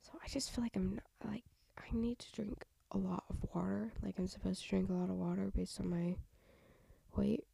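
A woman's voice: medium pitch, level tone, normal speed, creaky, dark tone, breathy edge, no echo. A young woman with a stuffy nose hosting a casual solo podcast, rambling with half-whispered asides into a home mic. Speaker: podcast host.

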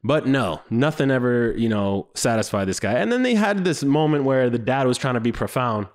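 A man reviewing a series in a loose, joking way, swearing freely and mocking what he saw. His voice sits in an ordinary middle pitch but leaps high when he does impressions. He talks in a lively, conversational way. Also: moderate pace. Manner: animated, profane, mocking, jumps into high squeaky voices when quoting. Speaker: show reviewer. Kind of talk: casual comedic commentary.

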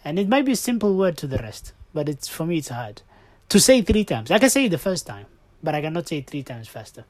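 A man's voice: fairly high pitch, very animated, quick pace, darkish tone, dry recording. A man hosting a casual podcast, playfully rambling through a listener's question. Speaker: podcast host.

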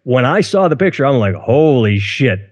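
A man's voice: medium pitch, big pitch swings, moderate pace. A man co-hosting a casual podcast chat, rambling and outspoken, often restarting his words. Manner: rambling, self-interrupting, outspoken. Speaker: podcast co-host. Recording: long room reverb.

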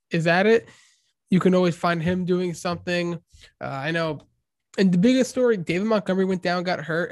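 A man's voice: high-pitched, no room sound, studio quality. A man co-hosting a sports podcast, giving fantasy football takes in a hesitant, filler-heavy way. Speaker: podcast co-host. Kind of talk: casual sports chat.

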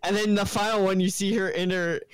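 A man co-hosting a casual podcast, chatting excitedly and acting out scenes in quoted voices. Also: high-pitched, fairly quick, clean tone, dry recording. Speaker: podcast co-host. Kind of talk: casual chat.

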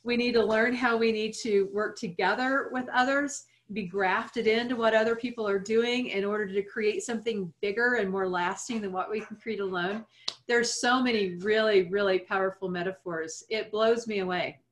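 A woman's voice: medium pitch, steady tone, normal speed. A woman in her forties, a guest in an interview, talking earnestly and reflectively with light laughs. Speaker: guest speaker. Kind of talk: interview conversation.

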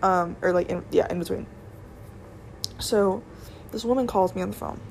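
In a storytime vlog, a young woman casually rambles about her retail job, full of "like" and restarts. Her voice sits on the low side and sounds creaky, at a normal speed. There's slight background noise.

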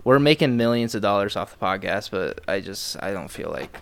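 A man's voice: fairly low pitch, lively intonation, a little fast, vocal fry, clear, resonant tone, no echo. A young man co-hosting a podcast, chatting casually and jokingly about video games, often trailing off and restarting. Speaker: podcast co-host. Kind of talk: casual gaming chat.

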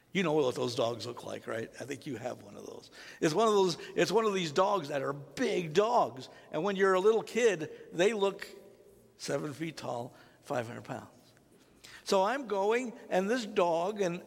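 A pastor delivering a sermon, telling a childhood story in a conversational way and drawing the congregation in with questions. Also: male voice, on the high side, creaky, breathy edge. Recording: long hall reverb.

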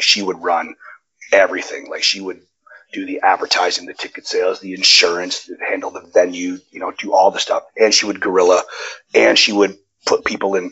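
A man guest on a wrestling interview, telling stories in a casual, profane and animated way, his pitch jumping up when he gets excited. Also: breathy edge, highs cut off. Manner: animated, profane storytelling with sudden jumps in pitch. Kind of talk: casual storytelling chat. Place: Nevada.

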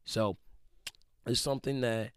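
A man in his twenties giving a casual motivational talk, slangy and animated, acting out quick quoted voices. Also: mid-range voice, smooth. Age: 20s.

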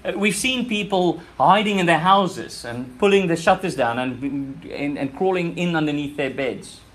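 A man's voice: a little high, animated, normal speed, fairly bright tone. Earnest South African preacher, man. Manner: earnest, repeats words and restarts, rises when urging. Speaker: pastor. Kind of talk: sermon.

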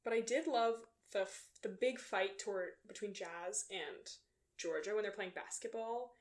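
A young woman co-hosting a casual podcast chat, chatty and laughing often. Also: mid-range voice. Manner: chatty, laughing, quick asides. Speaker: podcast co-host.

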